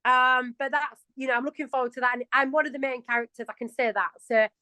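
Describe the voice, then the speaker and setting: Yorkshire lady in her forties, gabbing away in an interview, laughing at herself, highish voice. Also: fairly even intonation, quick pace, pushed and bright, no room sound, low-quality recording. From England. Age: 40s. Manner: chatty and self-mocking, laughs often. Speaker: interview guest. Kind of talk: casual interview chat.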